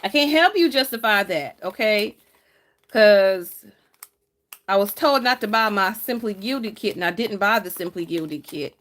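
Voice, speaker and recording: A woman's voice: mid-range voice, animated, a little slow, fairly bright tone. A woman, chatting casually with her live chat as she decorates her planner, teasing viewers and laughing often.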